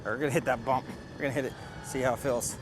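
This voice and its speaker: Heavy background noise surrounds a mid-range male voice that stays fairly even in intonation and moves fast. A tool reviewer, he's outside showing and reviewing a riding mower in a laid-back demo vlog, chatty and keen while explaining each step. The camera mic records him, sometimes swapped for an action camera on the mower.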